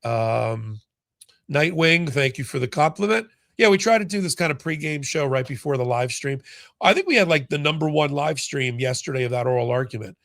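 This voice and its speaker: A man's voice: fairly high pitch, expressive, moderate pace, creaky, fairly bright tone, dry recording, studio quality. A man hosting a casual live-stream about a court case, chatting and reading out viewer comments with frequent restarts. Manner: conversational, reads viewer comments aloud, many restarts. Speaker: legal commentary host.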